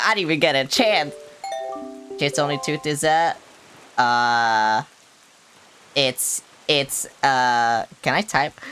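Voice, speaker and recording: A woman with a notably low voice streams a video game. She talks in a hyper, rambling way, full of playful swearing and sudden asides. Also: a bit bright. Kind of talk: casual gaming livestream chatter.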